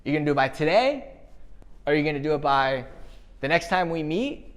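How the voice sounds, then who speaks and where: Punchy, fast-firing male keynote speaker. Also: fairly high pitch. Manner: punchy, energetic, asks the crowd rhetorical questions. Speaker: motivational speaker. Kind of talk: live keynote speech. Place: live event venue.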